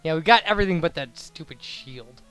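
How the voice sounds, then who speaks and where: A man's voice: on the high side, animated, brisk, fairly bright tone, clean tone, soft background music. A man hosting a casual let's play, narrating as he plays and rambling with many restarts. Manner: rambling, full of restarts and fillers. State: hiccuping. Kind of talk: casual gameplay commentary.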